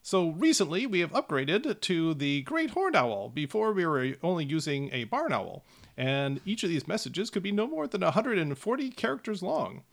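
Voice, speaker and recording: A man voicing a pushy, smug male gnome salesman in a tabletop game, with a showy sales-pitch manner. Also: big pitch swings, moderate pace, creaky, heavily acted.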